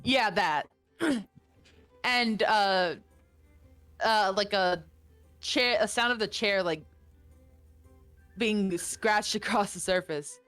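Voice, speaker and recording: A woman's voice: mid-range voice, slow, pauses often, a bit bright, faint music behind. A woman narrating as game master, casual and swearing a lot. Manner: casual, swearing, voices the figures. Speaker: dungeon master.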